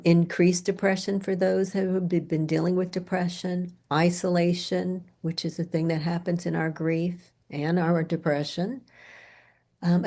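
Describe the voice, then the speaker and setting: A middle-aged woman grief therapist giving a training lecture, telling client stories in a soft-spoken, unhurried way that sometimes drops close to a whisper. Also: on the low side.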